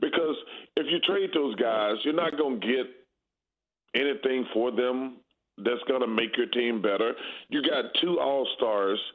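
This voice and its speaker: A man's voice: medium pitch, a little slow. A man in his fifties talking sports casually as a guest, blunt and candid. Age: 50s. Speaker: guest basketball analyst. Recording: tinny phone-line audio.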